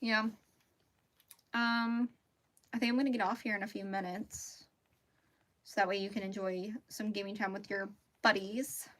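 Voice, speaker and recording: A woman's voice: medium pitch, level tone, moderate pace, long pauses, a bit bright. A woman from Mississippi, hosting a casual crochet livestream and chatting with easy laughs and rambling asides. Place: home closet.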